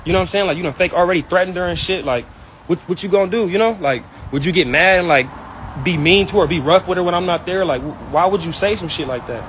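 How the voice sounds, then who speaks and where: A young man with a high, fairly bright voice tears through a heated personal rant, angry and hurt, stacking up slang and circling back over the same points. He speaks fast, outdoors, with faint street traffic behind him, and the audio quality is poor.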